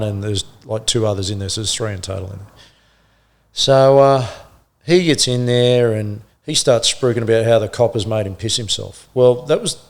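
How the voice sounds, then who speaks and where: A middle-aged Australian man, a former police officer, telling animated stories in casual conversation and acting out the people he quotes. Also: on the low side. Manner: animated anecdotes, acts out quoted voices, laughs often. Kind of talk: casual storytelling.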